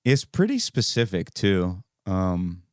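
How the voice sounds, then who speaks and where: A man's voice: low voice, very animated, slow pace, dry recording, studio quality. A man co-hosting a podcast in laid-back casual chat, calling people dude and bro. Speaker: podcast co-host.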